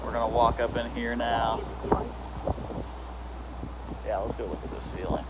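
A man's voice: mid-range voice, fairly even intonation, a little slow, in a large hall, heavy background noise. A man preaching a sermon as pastor, urgent and exhorting, with joking asides.

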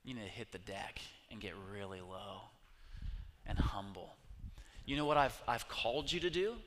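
A man preaching a sermon, telling scripture stories with lively acted-out voices. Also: lowish voice, normal speed, in a large hall, slight background noise. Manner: animated storytelling, acting out voices of God and people. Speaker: pastor. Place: church sanctuary.

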